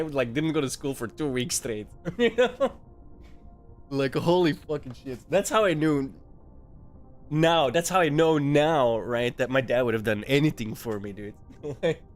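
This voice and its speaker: Laughing, swearing young guy streamer. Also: medium pitch. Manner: laughs often, swears freely, many restarts. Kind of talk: casual storytelling to a live chat. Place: home streaming setup.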